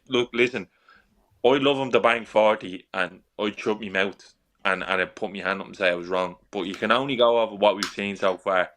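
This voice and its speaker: Male panelist, low and forceful, blunt opinionated talker who swears for emphasis. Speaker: podcast panelist. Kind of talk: casual football podcast chat.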